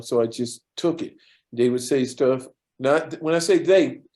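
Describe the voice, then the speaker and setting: An older man from New York telling his life story in an interview, lively and easily moved to emotion. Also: mid-range voice. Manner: lively storyteller who acts out quoted dialogue; gets emotional when speaking of his mentor. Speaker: interview guest.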